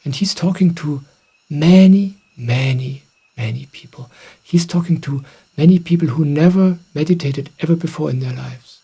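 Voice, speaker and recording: Soft-spoken man giving spiritual guidance. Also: on the high side, brisk, slightly rough. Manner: gentle, reflective, soft-spoken. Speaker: spiritual teacher. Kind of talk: calm satsang answering questions.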